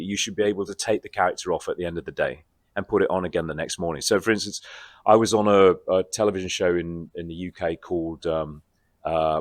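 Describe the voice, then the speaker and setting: A man, a guest actor in a convention interview, talking in a reflective, animated way. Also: sits low, no room sound, clean studio sound. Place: convention floor.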